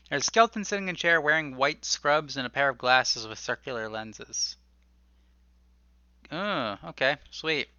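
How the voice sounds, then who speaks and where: A young man narrating his gameplay in bright, forceful tones. He jokes, rants in mock fury and hums his own sound effects as he goes. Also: medium pitch, animated, unhurried, clean tone, no room sound, muffled recording. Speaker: gameplay YouTuber. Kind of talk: let's play commentary.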